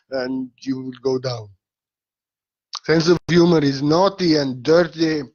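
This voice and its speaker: Man, spiritual teacher, playful and laughing, loud bursts and soft murmurs, muffled recording. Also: on the high side. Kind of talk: informal spiritual talk. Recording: slightly dull lo-fi audio.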